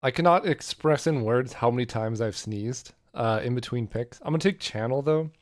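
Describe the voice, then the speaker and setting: Man, hoarse, losing his voice, casual commentary, rambling, thinking out loud. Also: mid-range voice, moderate pace. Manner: rambling, weighs options aloud. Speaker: card game content creator.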